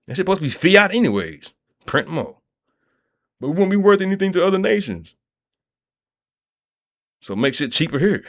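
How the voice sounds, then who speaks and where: A man's voice: a little high, very animated, a little fast, pauses often, a bit bright. A man delivering a rambling, profane vlog monologue in a streetwise way, often checking in with his listeners. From Kentucky. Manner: streetwise, profane, keeps asking "you feel me". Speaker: vlogger.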